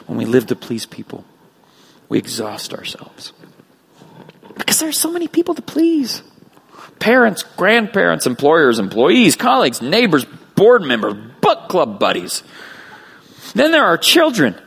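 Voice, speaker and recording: Animated gravelly male preacher. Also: fairly high pitch, a little slow, long pauses. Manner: animated preaching with acted voices of children. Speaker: pastor. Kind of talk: sermon.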